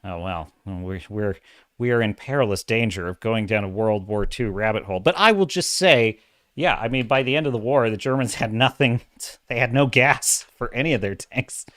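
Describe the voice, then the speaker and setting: A man's voice: fairly low pitch, normal speed, dry recording. A middle-aged man hosting a casual livestream, talking animatedly and reading out chat comments. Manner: animated, self-described dramatic, reads chat comments. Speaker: livestream host.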